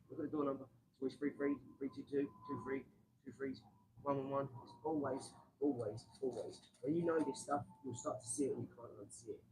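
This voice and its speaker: A man hosting a casual live stream from his garage, rambling excitably and talking straight to his viewers. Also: medium pitch, background noise. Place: home garage.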